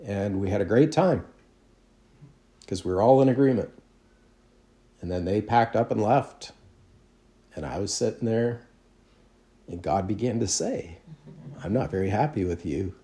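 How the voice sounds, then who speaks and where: A man's voice: medium pitch, a little slow, long pauses, warm tone. A man, a pastor, preaching a sermon in a conversational storytelling way with self-deprecating humor.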